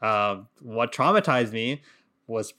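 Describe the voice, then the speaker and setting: A man's voice: mid-range voice, slow. A man in his thirties, raised in Qatar, telling a story in casual chat and acting out the voices of the people in it. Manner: animated, acts out voices in anecdotes, laughs often. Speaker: podcast co-host.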